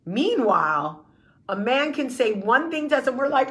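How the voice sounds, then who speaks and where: A woman's voice: high voice, sing-song, moderate pace. A woman hosting her vlog, giving an impassioned, blunt monologue with swearing and repeated rallying phrases. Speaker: vlog host.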